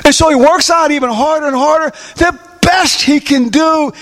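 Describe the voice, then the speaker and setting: Male preacher, high voice, animated sermon with call-and-response questions, recorded in a church hall with a long echo. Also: moderate pace, hardly any pauses. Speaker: pastor. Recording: long reverb of a large hall.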